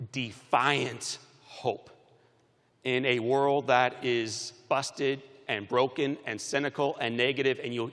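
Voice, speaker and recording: A man giving a commencement speech, telling stories with animated shifts between loud and soft, recorded in a large arena. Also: mid-range voice, long reverb tail. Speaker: commencement speaker. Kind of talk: motivational speech.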